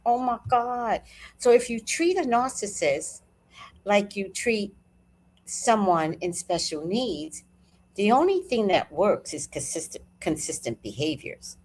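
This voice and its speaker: Woman host, casual live chat, lively swooping pitch, profane storyteller. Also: measured pace, slight background noise. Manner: animated, profane, storytelling with acted-out quotes. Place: at home.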